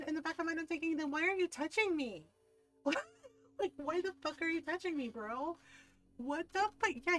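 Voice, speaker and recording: A woman streamer telling a story in casual chat, animated, swearing freely and laughing often. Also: high-pitched, poor audio.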